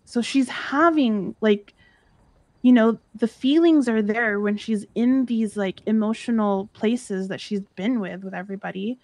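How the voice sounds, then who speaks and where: A woman's voice: fairly high pitch, a little slow, darkish tone, dry recording. A young woman talking in character during a roleplay stream, earnestly retelling an emotional story.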